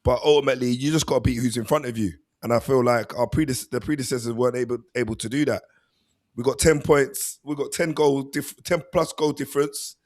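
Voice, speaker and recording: A man, co-hosting a football podcast in casual chat on a video call, relaxed and chatty. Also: medium pitch, brisk. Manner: laid-back, chatty, uses "mate" and "bruv". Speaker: podcast co-host, football pundit.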